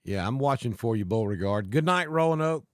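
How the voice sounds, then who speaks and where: A man from Alabama with a Southern accent tinged with north Georgia mountain talk, hosting a live weather stream in a folksy, unhurried way and greeting viewers by name. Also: medium pitch, animated, no room sound, studio quality. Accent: Southern US, Alabama with north Georgia mountain mix. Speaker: weather livestream host.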